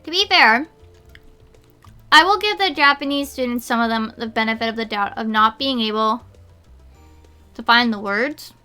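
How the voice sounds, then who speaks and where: A woman streamer snacks while chatting casually, rambling with lots of fillers and leaving long pauses. Her fairly high voice is pushed and bright yet clean, at a moderate pace, over soft background music.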